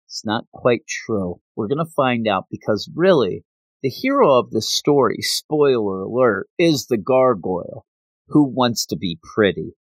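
A man casually retelling a comic book story in a chatty, animated way, acting out the scenes as he goes. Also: mid-range voice, a little slow, dry recording.

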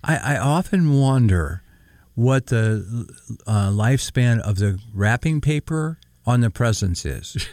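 Middle-aged male co-host, animated pitch, dry studio sound, warm banter on faith radio. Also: slow pace, no echo. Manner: lively, laughs often, reads Scripture aloud. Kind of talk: casual Christian radio chat.

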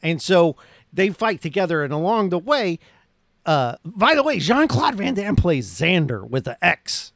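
Casting: male podcast host, slightly higher voice, loose excited movie recap, dry booth sound. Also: unhurried, gravelly, no room sound. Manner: rambling, enthusiastic, lots of "like" and restarts.

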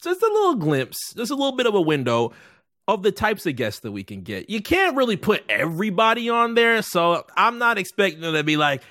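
Guy cohosting a podcast, high voice that jumps all over, always joking around. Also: brisk, no room sound, studio quality. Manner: animated, joking, laughs often. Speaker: podcast co-host. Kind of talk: casual podcast chat.

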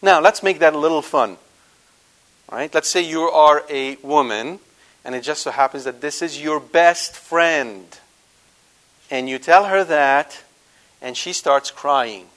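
Higher-pitched guy preaching, keeps asking the crowd questions, gets loud then quiet. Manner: animated, questioning the audience, swings between loud and soft. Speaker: Catholic preacher. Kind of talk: sermon to a live audience.

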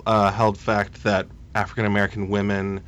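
A man in his thirties speaks as a policy guest on a radio interview. His voice is smooth and resonant, and he talks haltingly, stopping and restarting his sentences as he searches for words. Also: on the low side, monotone, fairly bright tone. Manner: hesitant, halting, many restarts.

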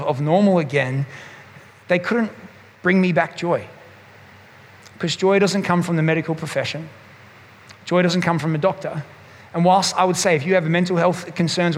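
A man, a pastor preaching a sermon and telling a personal story candidly, often restarting his sentences. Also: a little high. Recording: long hall reverb.

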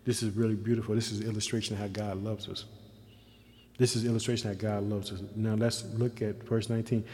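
A man's voice: on the low side, flat delivery, quick pace, a little mellow, a little hiss or hum. A man giving an informal sermon, reading scripture aloud and then commenting on it in loose, folksy asides, with fervent emphasis. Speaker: Bible teacher. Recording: echoey room with long reverb.

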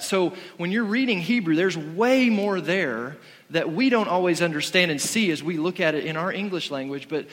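A man's voice: a little high, fairly bright tone, long reverb tail. A man preaching a sermon in an earnest, conversational way, often restarting his sentences. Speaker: pastor.

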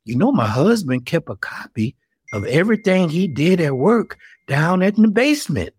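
A man's voice: fairly high pitch, big pitch swings, normal speed, a little mellow, slightly rough, pitched above the performer's own voice. A man doing a gracious Southern widow. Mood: grateful. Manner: courteous and apologetic. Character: polite older Southern widow, gracious and busy.

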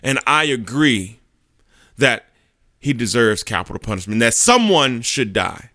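A man voicing Jesus as a calm defense attorney, pleading softly and slowly. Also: mid-range voice, dry recording, studio quality, full character voice. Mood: tender.

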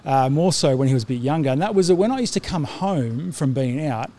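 A man's voice: fairly high pitch, animated, brisk, mellow. A middle-aged man delivers a sermon in a slightly raised speaking voice. He is earnest and conversational, circling back and restarting phrases with small fillers. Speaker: pastor.

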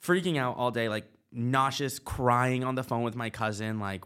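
This podcast co-host has a mid-range voice and talks at normal speed with hardly any pauses. He's telling a story in casual chat, animated and heavy on fillers.

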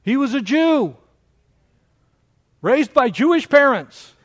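Male pastor, sermon, very high voice, lively swooping pitch, animated preaching. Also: takes it slowly. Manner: animated preaching, mocking quoted objections in a higher voice.

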